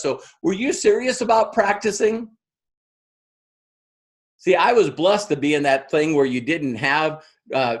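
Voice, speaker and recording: Lively, animated man giving a training talk. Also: on the high side. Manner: animated, acts out other people's voices. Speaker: business trainer.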